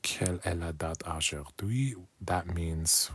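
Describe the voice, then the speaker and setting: A man chatting casually on a late-night livestream, talking softly and often slipping into whispers as he repeats phrases aloud. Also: deep voice, a little slow, few pauses, slightly rough. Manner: chatty with viewers. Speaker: art livestreamer.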